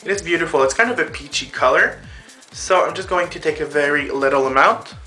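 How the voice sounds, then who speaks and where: Brisk and sharp-toned, a man with a fairly high voice walks viewers through a makeup tutorial while applying it to his own face, faint music playing behind. He sounds breathless, stays chatty and addresses everyone as girls and boys.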